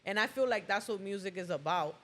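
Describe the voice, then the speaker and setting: Podcast host, relaxed interviewer, mid pitch, talks loose with lots of fillers. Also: a little fast. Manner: casual, full of "like" and "you know what I'm saying". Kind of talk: casual interview chat.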